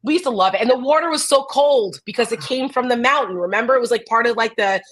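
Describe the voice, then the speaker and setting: A woman with a New Jersey accent co-hosting a casual political chat show, talking in an animated, blunt way and swearing freely. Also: a little high, fast talker. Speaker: co-host.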